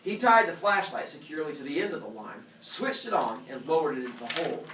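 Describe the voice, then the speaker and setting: Animated man reading a story to a class. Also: on the high side, fast talker. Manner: animated, stops to explain words and quiz students. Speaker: teacher. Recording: echoey classroom from far off.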